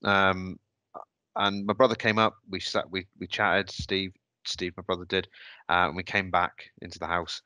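The host of a podcast, a man, shares a personal story in a very low voice that still sounds bright and forceful, with a level tone. The audio is dry and close with no room sound, and he speaks hesitantly, pausing and starting over as he reflects.

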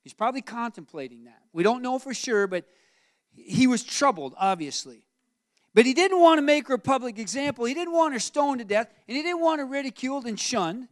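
A man's voice: very high-pitched, brisk, no echo, studio quality. A man preaching a sermon, switching between storytelling and direct questions to the congregation. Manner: animated preaching, acts out Joseph's voice, asks the room questions. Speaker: pastor.

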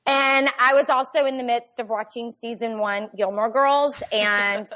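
A woman, telling a family story in a chatty, animated podcast conversation. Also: fairly high pitch, a little slow. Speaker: podcast guest. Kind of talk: casual storytelling chat.

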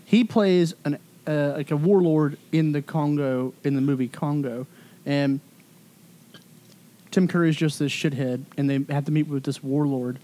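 A man's voice: a little high, unhurried, dark tone. A man in his thirties chatting casually and telling a rambling story full of fillers and swearing. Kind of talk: casual chat.

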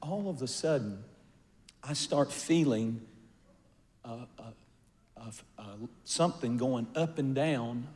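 Older preacher in a big echoing hall. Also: male voice, medium pitch, slow, long pauses. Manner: animated storyteller, swings from quiet asides to loud outbursts. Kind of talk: sermon with humorous personal story. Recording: long reverb of a large hall.

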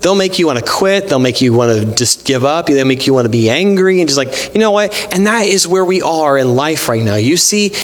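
Higher-voiced man preaching casually. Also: expressive, a little fast, hardly any pauses. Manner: informal, acts out dialogue with God in his own voice; frequent fillers like "like" and "you know". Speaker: pastor. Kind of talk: conversational sermon.

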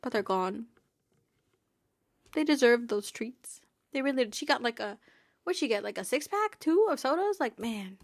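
A woman's voice: a little high, animated, normal speed, long pauses, no echo, clean studio sound. A young woman hosting a podcast, chatting casually and enthusiastically, laughing often. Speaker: podcast host. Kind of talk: casual chat.

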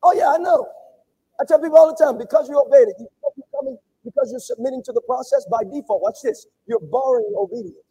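A man preaching a sermon to his congregation, repeating phrases and swinging between loud calls and hushed asides. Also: very high voice, fast talker, breathy edge, low-quality recording. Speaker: pastor. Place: church sanctuary.

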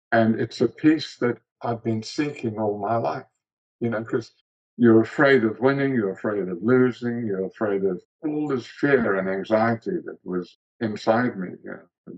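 A middle-aged man from South Africa, a guest telling an earnest, gently wry personal story in casual chat. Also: mid-range voice, slightly rough, dull audio.

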